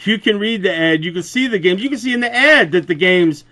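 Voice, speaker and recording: Male vlogger, young adult, booming and a touch high-pitched, profane, animated storyteller. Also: fairly quick. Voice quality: loud, booming voice. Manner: animated, profane, laughs through the retelling. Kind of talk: casual storytelling rant.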